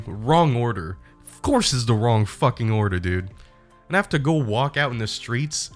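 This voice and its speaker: A man's voice: medium pitch, moderate pace, soft background music. Young man swearing through a comic story. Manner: animated, profane, laughing retelling. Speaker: streamer. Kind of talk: casual storytelling.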